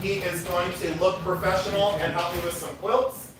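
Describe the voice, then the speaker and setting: An American man hosts a live-stream sale, teasing his viewers and rambling between lots in casual sales chatter. His voice sits high with a level tone and a normal pace, and there's background noise.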